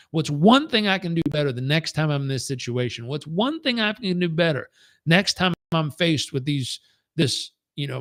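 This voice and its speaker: Earnest middle-aged guy coaching a live class, kinda high voice, repeats stuff for emphasis. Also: no room sound, studio quality. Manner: earnest, storytelling, acts out quoted dialogue; repetitive, emphatic lists. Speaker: performance coach. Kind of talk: live training talk.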